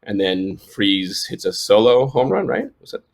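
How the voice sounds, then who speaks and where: A man's voice: lowish voice, big pitch swings, unhurried, gravelly. A man in his forties, a sports photojournalist, telling stories in a casual interview, rambling with restarts and fillers and laughing often. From New York.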